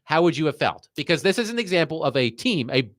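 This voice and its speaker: Measured sports talk host, man. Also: fairly high pitch, sing-song, a bit bright, dry recording, clean studio sound. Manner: measured, reads quotes aloud then comments.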